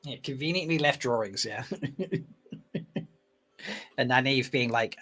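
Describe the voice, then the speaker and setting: A man from Essex, hosting a relaxed chat with a mid-range voice. He talks in a lively way, laughs often and slips into quick voices for the people he quotes. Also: medium pitch. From Essex, England. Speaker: host. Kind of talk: casual chat.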